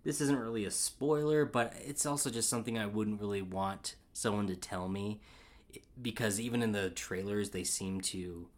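Low-voiced rambling man chatting. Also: moderate pace. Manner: excitable, rambling with many fillers and restarts. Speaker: podcast co-host. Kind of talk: casual film review chat.

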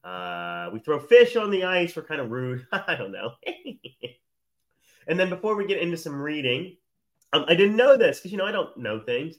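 A man's voice: a little high, very animated, normal speed. A man in his thirties hosting a live talk show, rambling and teasing in a casual monologue. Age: 30s. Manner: rambling, chatty, teasing, laughs often.

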